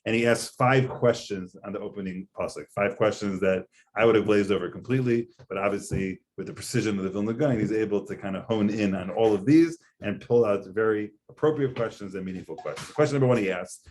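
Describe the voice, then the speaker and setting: A man's voice: lowish voice, quick pace, a little mellow, slight background noise. A man, a rabbi, giving a conversational Torah lecture, explaining earnestly with frequent fillers. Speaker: rabbi teaching a class.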